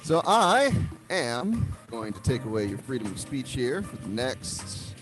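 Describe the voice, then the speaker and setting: Man teaching tai chi on a live stream, relaxed chatty setup talk, slow calm cues, music playing behind, mid-pitched voice. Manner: casual, chatty while fixing the stream, then slow and calm cueing. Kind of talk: online class setup and guided tai chi instruction. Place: home room, on a video stream.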